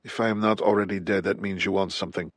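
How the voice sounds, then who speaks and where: A man's voice: low voice, steady tone, fast, no room sound, clean studio sound. A man narrating an audiobook and voicing a cornered assassin who asks tense, clipped questions at gunpoint. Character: cornered male Russian assassin, tense and wary.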